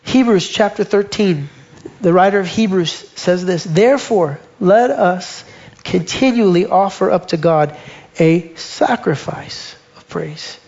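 High-voiced emphatic male preacher, lo-fi. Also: expressive, creaky, a little mellow. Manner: emphatic, slows and drops to near whisper on quoted lines. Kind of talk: sermon.

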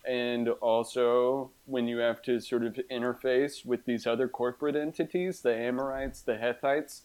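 A man's voice: medium pitch, fairly even intonation, moderate pace, darkish tone, smooth. A man co-hosting a casual podcast, giving wry, sardonic commentary. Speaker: podcast co-host. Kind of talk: casual chat.

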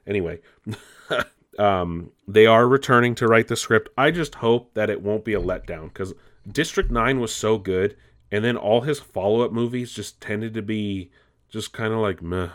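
A man with a deep, low voice hosts a laid-back entertainment news roundup at a moderate pace. His delivery is loose and chatty, with an occasional swear word and some laughing at his own expense.

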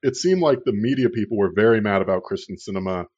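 A man's voice: fairly low pitch, lively intonation, fast talker, a little mellow, husky, no echo. A man hosting a casual political chat podcast, ranting sarcastically and swearing freely. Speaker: podcast host. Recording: dull lo-fi dry recording.

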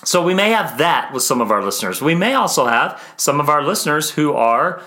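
A man's voice: fairly high pitch, big pitch swings, brisk. A man hosting a podcast interview, talking in a musing, conversational way, restarting sentences and trailing off as he frames his questions. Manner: warm, musing, many restarts and trailing phrases. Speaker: podcast host.

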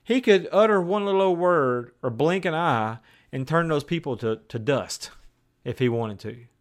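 A man preaching a sermon in a conversational way. He moves between raised, emphatic declarations and hushed, slow asides. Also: on the high side, animated. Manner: conversational, with plain everyday phrases.

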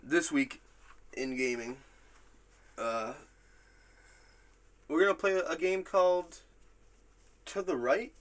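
A man's voice: on the high side, takes it slowly, long pauses. Profane, rambling male podcast host. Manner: profane, rambling, animated retelling. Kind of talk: casual podcast chat.

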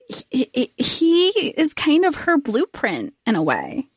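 A woman co-hosting a podcast, talking casually about a novel with animated, exasperated reactions. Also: high-pitched, slow pace, few pauses, husky, dry recording, clean studio sound. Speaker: podcast co-host. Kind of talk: casual book discussion.

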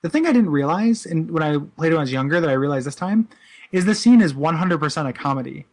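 A man's voice: fairly high pitch, animated, darkish tone. A man in his thirties co-hosting a casual chat, rambling with many "like"s and "you know"s and laughing easily. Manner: amused, quick to laugh. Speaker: podcast co-host. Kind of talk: casual chat about a video game.

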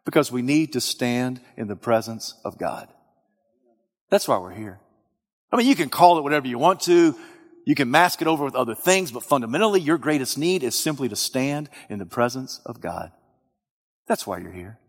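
Preacher guy, voice jumps all over the place, gravelly, big loud-then-quiet sermon, echoey church hall. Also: medium pitch, animated, normal speed. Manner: dramatic swings from loud to hushed.

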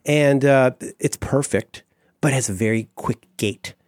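A middle-aged man co-hosts a comedic podcast, chatting casually in a mid-range voice at a slightly slow pace. He's animated and gushing, sometimes mock-wistful, and keeps stammering and restarting his sentences. The sound is dry and clean, studio quality.

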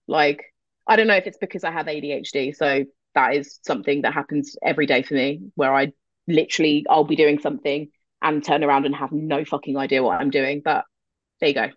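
Woman, low voice, candid interview guest, self-deprecating, dry dull sound. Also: steady tone, fairly quick, no echo. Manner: candid, self-deprecating, swears casually, laughs easily. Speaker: guest, metal vocalist. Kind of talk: casual interview chat.

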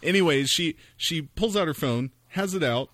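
A man's voice: a little high, lively intonation, moderate pace, a bit bright, dry recording, studio quality. A man co-hosting a film podcast in casual chat, rambling through a story with fillers and easy laughs. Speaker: podcast co-host.

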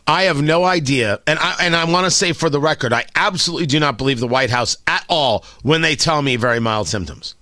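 A man's voice: fairly high pitch, brisk, hardly any pauses, pushed and bright, no room sound, studio quality. A man hosting an opinion commentary monologue, sardonic and opinionated, firing off emphatic rhetorical questions. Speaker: commentary show host.

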